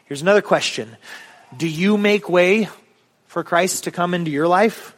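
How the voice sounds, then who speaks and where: Male pastor, slightly high voice, chatty sermon delivery with frequent ums, long church-hall reverb. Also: normal speed. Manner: conversational, with filler ums and rising emphatic questions. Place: church sanctuary.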